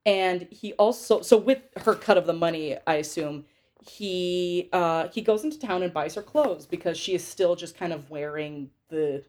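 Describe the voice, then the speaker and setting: A young woman with a slightly low voice chats her way through a film recap for a podcast. She rambles, giggles and fills gaps with plenty of ums and likes. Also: normal speed, a little mellow, a little hiss or hum. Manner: chatty, giggly, rambling with fillers. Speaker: podcast host. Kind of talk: casual movie recap chat.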